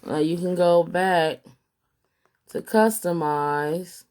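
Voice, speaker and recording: A woman's voice: lowish voice, steady tone, darkish tone, clean tone. A woman hosting a casual step-by-step craft tutorial, talking unhurriedly with an itchy throat from allergies. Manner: unhurried, plain instructional talk.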